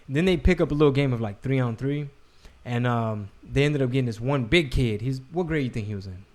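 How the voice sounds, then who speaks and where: A man's voice: mid-range voice, a little fast, a little mellow. A man in his thirties, a comedian and father, telling casual, profane stories on his podcast. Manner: laid-back storyteller, swears, acts out voices.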